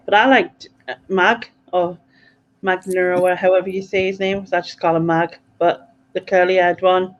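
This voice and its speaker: A woman's voice: on the low side, steady tone, moderate pace. Woman in her forties, chatty and hesitant, dull remote audio. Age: 40s. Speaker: guest. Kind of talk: casual chat. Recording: dull, muffled call audio.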